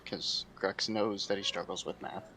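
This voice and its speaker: Low-voiced hesitant man at a gaming table. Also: steady tone, normal speed, sharp tone, a little hiss or hum. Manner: hesitant, with fillers. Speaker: player. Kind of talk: casual tabletop game chat.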